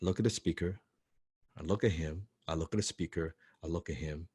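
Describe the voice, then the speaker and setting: A man telling a personal story to an audience, excitable and swearing freely, full of restarts and "right?" tags. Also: low-pitched, a little fast, slightly rough, dry recording. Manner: restarts and repeats words often. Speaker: motivational speaker telling his story. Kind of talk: animated storytelling talk.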